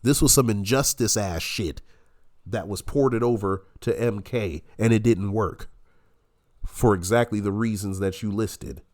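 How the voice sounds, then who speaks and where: A man's voice: on the low side, unhurried, darkish tone. A man giving heated, profane reaction commentary, his voice nasal and congested from illness. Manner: profane, combative ranting.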